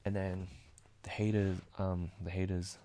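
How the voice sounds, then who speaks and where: A man's voice: deep voice, flat delivery, unhurried, warm tone. A man hosting a casual comic recap video, chatty and rambling as he strings events together. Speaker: video host.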